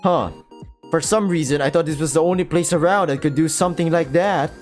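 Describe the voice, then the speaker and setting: A man's voice: fairly high pitch, fairly quick, soft background music, lightly acted. A Filipino man voicing a curious, polite young man who has become an android, asking questions in a visual novel.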